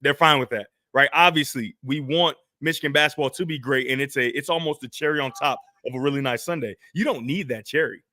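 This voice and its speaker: A man co-hosting a casual sports talk show, talking in an animated, conversational way with lots of rhetorical questions. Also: medium pitch, quick pace, few pauses, no room sound, studio quality.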